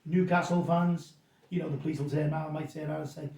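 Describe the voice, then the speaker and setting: A middle-aged man rambles through stories and stumbles over repeated words. His voice sits a little high. He sounds set back from the mic in a roomy, echoing space. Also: level tone, fast talker, gravelly, darkish tone, recorded from a distance. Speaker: pub landlord guest. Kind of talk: casual storytelling interview.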